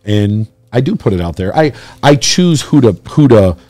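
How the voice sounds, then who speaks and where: A man's voice: mid-range voice, very animated, normal speed, warm tone. A man hosting a podcast in casual chat, encouraging and reassuring his guest. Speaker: podcast host.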